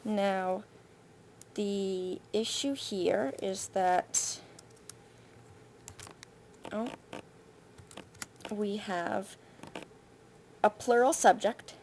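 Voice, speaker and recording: Slow, patient woman teacher giving feedback. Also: mid-range voice, a little mellow, a little hiss or hum. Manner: patient, thinking aloud with frequent "uh". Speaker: Spanish teacher. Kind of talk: screencast feedback on a student essay. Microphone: computer mic for screen recording.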